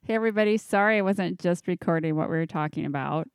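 A woman's voice: fairly low pitch, fast, clean tone, no echo, clean studio sound. A woman co-hosting a casual podcast, chatty and laughing often. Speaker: podcast co-host. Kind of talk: casual chat.

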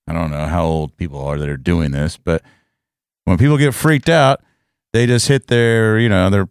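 Male co-host, low clear voice, wandering anecdote, dry close mic. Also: no room sound. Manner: meandering story, searching for words. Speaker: podcast co-host. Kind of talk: casual chat.

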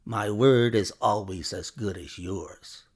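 A man voicing a spiteful male villain with a high, snarling voice. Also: slow pace, breathy edge.

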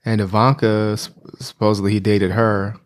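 A man co-hosting a casual chat, retelling stories in a relaxed way. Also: on the low side, normal speed.

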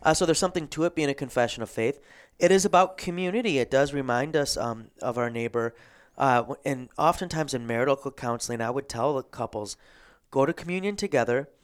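A male pastor at a middle pitch talks through theology in a reflective way. He pauses often and clears his throat as he leads the conversation. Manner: thoughtful, with frequent ums and throat clearing. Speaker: Lutheran pastor and host. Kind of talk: theological discussion.

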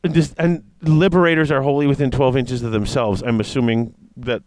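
A man in casual chat, reading tabletop game rules aloud and reacting with excitement. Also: mid-range voice, a little fast, no echo. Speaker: tabletop wargame player discussing rules.

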